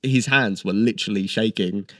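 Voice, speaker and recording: A man's voice: on the low side, moderate pace, fairly bright tone, no echo, studio quality. A man, chatting eagerly as an actor guest in an interview. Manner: chatty and enthusiastic, with many fillers. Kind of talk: casual interview chat.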